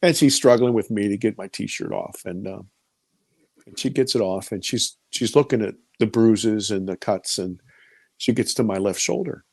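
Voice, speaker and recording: Man in his 50s, interview storyteller, gravelly, dry close sound, vivid and repetitive. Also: fairly low pitch, normal speed, a little mellow, no room sound. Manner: vivid storyteller who repeats words when caught up in the story. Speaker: interviewee recounting an encounter. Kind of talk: personal storytelling testimony.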